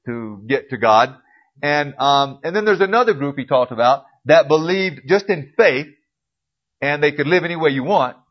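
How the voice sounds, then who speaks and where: A man teaching a casual Bible class in a church classroom. He clears his throat often and corrects himself as he goes. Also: a little high. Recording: dull lo-fi recording.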